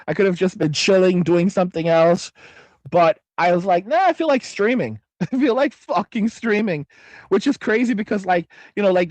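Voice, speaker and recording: Rambling and profane, a forties-aged man hosts a casual livestream rant, talking bluntly and restarting often. He has a high voice, recorded without echo.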